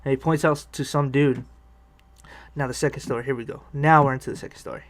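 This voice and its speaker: A man's voice: mid-range voice, fairly even intonation, fast. A man telling a rambling personal story on a vlog, swearing freely, restarting sentences and laughing often. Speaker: vlogger telling personal stories. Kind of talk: casual storytelling.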